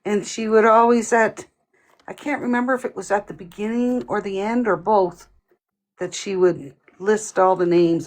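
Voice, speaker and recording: A woman's voice: mid-range voice, fairly even intonation, normal speed. A woman hosting a casual live stream, reading viewer comments and answering them in a playful way.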